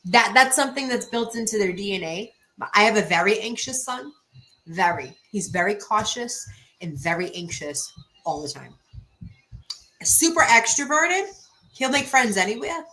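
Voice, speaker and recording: Woman in her thirties, livestream host, bright and forceful, blunt, profane, casual chat with viewers. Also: mid-range voice, expressive, moderate pace, low-quality recording. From Boston area. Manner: blunt, profane, emphatic, restarts often.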